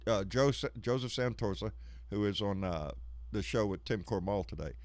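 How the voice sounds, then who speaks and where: A man's voice: on the low side, animated, moderate pace, no room sound. Folksy man hosting a live stream. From Texas. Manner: rambling, folksy, swears freely. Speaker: live show host. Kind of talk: casual live-stream chat.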